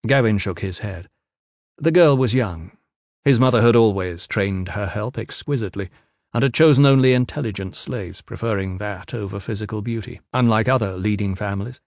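A man reading a fantasy novel aloud in measured, even scripted narration. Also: fairly low pitch, no echo, studio quality. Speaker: audiobook narrator.

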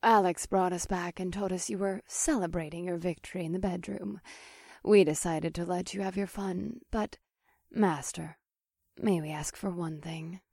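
A man putting on a breathy, sultry witch woman. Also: high voice, fairly even intonation, normal speed, a little mellow, dry recording, studio quality, pitched above the performer's own voice. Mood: sultry, adoring. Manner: purring, fawning. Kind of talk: audiobook reading.

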